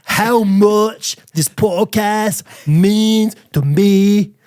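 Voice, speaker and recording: A man's voice: fairly high pitch, lively intonation, fairly quick, darkish tone, voice pushed down. A man voicing a young male fan reading a heartfelt letter in an exaggerated put-on gritty London accent, laughing through it. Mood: earnest mock-read. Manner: over-the-top mock accent, laughing through it.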